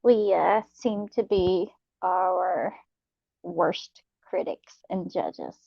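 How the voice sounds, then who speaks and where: A young adult woman, hosting a late-night live chat, talking softly and laughing often. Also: lowish voice, gravelly, dry recording, dull audio. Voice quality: soft, slow, laughs often. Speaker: channel host reading live chat.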